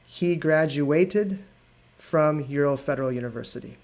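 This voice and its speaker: A man teaching an English lesson on a live video stream, explaining patiently and repeating words slowly. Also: on the high side, darkish tone. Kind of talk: live online language lesson.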